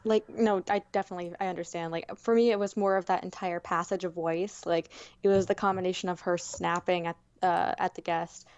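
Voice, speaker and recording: A woman co-hosting a casual fan chat podcast, animated, with laughing asides. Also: on the low side, a little fast, hardly any pauses, smooth. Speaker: podcast co-host. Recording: dry, dull lo-fi mic.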